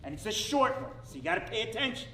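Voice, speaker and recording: A man tells a folk story in a relaxed, animated way at a theater event. His pitch moves a lot, and he is recorded from a distance in a reverberant room with faint noise. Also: quick pace. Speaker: storyteller and guest speaker. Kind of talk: live storytelling talk.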